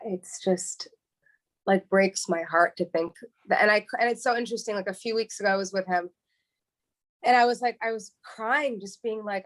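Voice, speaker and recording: A woman from New York, a podcast guest, speaking earnestly in a halting way, with frequent restarts and repeated words. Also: medium pitch. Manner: heartfelt and earnest. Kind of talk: emotional interview, candid storytelling.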